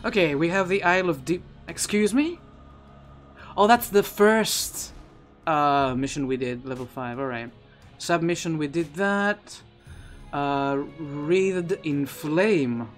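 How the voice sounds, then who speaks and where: A man's voice: a little high, slow, soft background music. A man streaming a video game live, chatting in a loose, rambling way and often restarting his sentences. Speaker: Twitch streamer. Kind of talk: live gameplay commentary. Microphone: his own streaming microphone.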